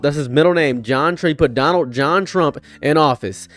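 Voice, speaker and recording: A man's voice: a little high, a little fast, hardly any pauses. Heated man ranting on camera. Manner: heated, repetitive, swings between loud and quiet. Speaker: online commentator. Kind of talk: unscripted commentary rant.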